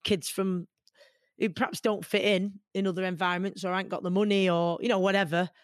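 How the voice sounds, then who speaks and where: Manc woman in her 40s chatting as a guest, earnest and lively, medium voice, dry close mic. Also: mid-range voice, brisk, no room sound. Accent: Mancunian. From Manchester, England. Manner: earnest and animated, many fillers. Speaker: guest, boxer. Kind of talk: conversational interview.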